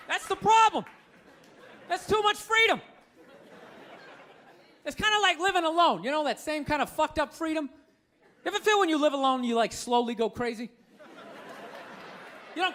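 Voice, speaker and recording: A man's voice: extremely high pitch, sharp tone, a little hiss or hum. A man doing a stand-up comedy routine on stage, ranting in an exasperated, profane way. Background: audience laughter.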